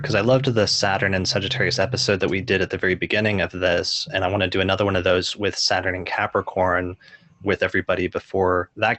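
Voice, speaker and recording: Male podcast host, low monotone, dry close recording. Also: no echo. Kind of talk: casual chat.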